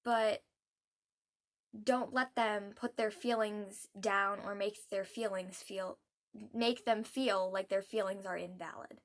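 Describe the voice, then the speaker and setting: A young adult woman vlogging heartfelt advice, earnest and soft-spoken, pausing often with hesitant ums. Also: medium pitch, fairly even intonation.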